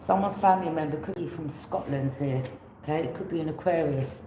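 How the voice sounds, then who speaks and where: Tarot reader musing aloud, keeps repeating itself, mid pitch, echoey room. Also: fairly quick, warm tone, a little hiss or hum. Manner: rambling, repeats phrases, offers loose alternatives. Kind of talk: casual tarot reading.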